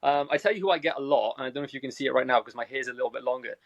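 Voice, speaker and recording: A man with a Welsh accent from South Wales, a movie reviewer telling energetic stories as a guest on a video call. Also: medium pitch, racing, vocal fry, dry recording, highs cut off. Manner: energetic storytelling. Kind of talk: casual chat.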